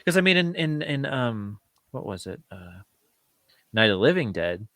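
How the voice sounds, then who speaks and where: A man co-hosting a film review podcast, chatting casually in a halting, rambling way with many restarts. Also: medium pitch, sing-song, pushed and bright, dry recording, studio quality. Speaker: podcast co-host.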